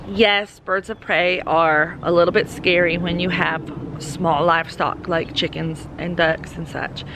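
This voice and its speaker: A woman's voice: on the low side, steady tone, a little slow, background noise. A woman with a Southern American accent talking casually to camera outdoors on her homestead, musing worriedly and cooing to her goats. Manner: worried and musing, then doting baby talk to goats. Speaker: homesteading vlogger. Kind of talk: casual vlog talk to camera and animals. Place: outdoors on a farm with animals. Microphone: camera mic on a tripod.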